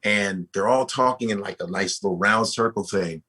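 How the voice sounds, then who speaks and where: A comedian talking casually as a guest, animated and profane, often restarting his sentences. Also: fairly low pitch, moderate pace, slightly rough. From United States. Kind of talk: casual podcast conversation.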